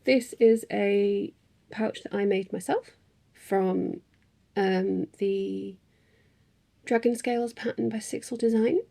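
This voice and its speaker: A woman's voice: mid-range voice, steady tone, slow, creaky, warm tone. A woman in a casual craft vlog, chatting in a rambling way with frequent ums and little laughs. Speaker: craft vlogger. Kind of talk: casual chat.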